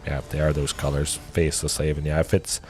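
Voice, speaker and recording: A man streaming a card game, commenting casually and thinking aloud, with excited exclamations and a lingering cough. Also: very deep voice, a little fast, a little hiss or hum. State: coughing, with a cold.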